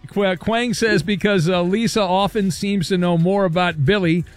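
A man hosting a talk radio show, brisk and jokey as he reads out listener messages. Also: high voice, fairly even intonation, no room sound. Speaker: sports radio host.

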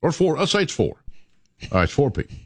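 Rambling, animated male radio host. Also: fairly high pitch, quick pace, no room sound, studio quality. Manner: rambling, stammering repeats. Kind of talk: morning radio banter. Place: radio studio. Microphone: studio microphone.

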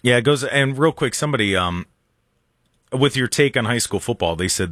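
A man hosting a casual sports talk show, excitable and rambling, with a sarcastic streak. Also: mid-range voice, a little fast, no echo, studio quality. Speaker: sports radio host.

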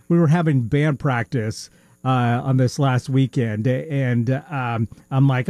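This podcast co-host speaks a little slowly in a warm, medium-pitched voice, with no echo. He chats casually, wandering and hesitating, filling gaps with fillers and chuckles, and a missing tooth leaves him with a slight lisp.

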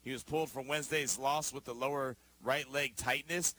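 A man's voice: mid-range voice, fairly even intonation, moderate pace, sharp tone, a little hiss or hum. A man hosting a sports talk radio show, talking emphatically and conversationally, often tossing in rhetorical questions.

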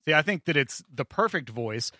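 A man co-hosting a radio talk show, bantering playfully and deadpan about his impressions into a studio mic. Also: a little high, normal speed, dry recording. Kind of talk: casual banter.

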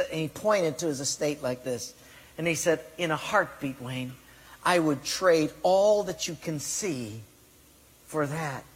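A man preaching from a church sanctuary, his voice sitting notably high for a man. Long reverb trails after his phrases. He presses up on key words, then sinks to a quiet hush. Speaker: pastor. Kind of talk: sermon. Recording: long reverb of a large hall.

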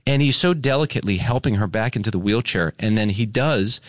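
A male radio host telling a story on his morning show in an animated, emphatic way. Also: fairly low pitch, brisk, no echo, clean studio sound.

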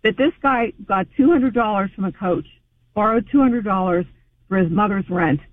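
A man calling in to a sports radio show, talking in an animated, sarcastic way. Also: sits high, moderate pace, dry recording. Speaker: caller. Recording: tinny phone line.

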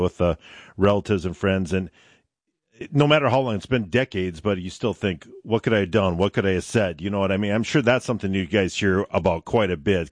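A man's voice: fairly low pitch, dry recording, clean studio sound. A man hosting a casual interview, talking in a folksy, conversational way with lots of fillers. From upper Midwest. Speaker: host.

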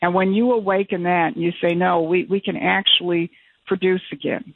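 A man's voice: sits high, little pitch movement, moderate pace, creaky, no room sound. A man from Michigan, a political guest in an interview, speaking emphatically and often restarting his phrases. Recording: tinny phone-like line.

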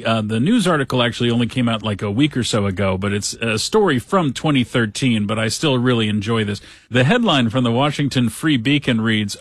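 A man's voice: medium pitch, husky, dry recording, clean studio sound. A man hosting a talk show, reading news articles aloud and riffing on them with wry jokes. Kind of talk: casual news commentary.

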